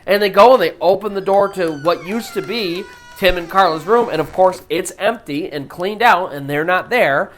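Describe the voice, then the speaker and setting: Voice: mid-range voice, fairly bright tone. A storyteller host retelling a true ghost story in a casual, conversational way, full of "you know" fillers.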